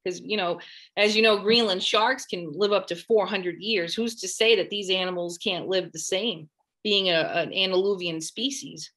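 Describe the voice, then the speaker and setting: A woman researching a lake monster, telling her story in an interview in a lively way and often quoting herself. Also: mid-range voice, normal speed. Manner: animated, quotes herself mid-story.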